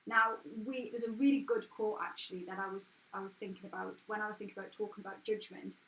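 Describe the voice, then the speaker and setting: A woman's voice: medium pitch, fairly even intonation, quick pace, fairly bright tone. Frank English woman in an echoey room. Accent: English, not posh. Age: 30s. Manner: frank, earnest and chatty, with restarts and swearing. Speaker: host of a live stream. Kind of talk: casual motivational live chat. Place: at home.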